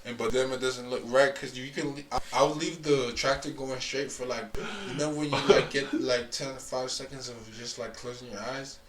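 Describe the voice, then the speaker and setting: A man's voice: mid-range voice, steady tone, normal speed, hardly any pauses, noisy background. A young man telling a long story in casual chat, rambling with lots of fillers and restarts.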